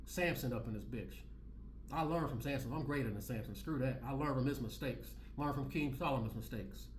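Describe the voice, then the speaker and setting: A man's voice: mid-range voice, brisk, roomy sound, slight background noise. A man giving reaction commentary in a preachy, repetitive way, full of street slang. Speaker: commentary vlogger.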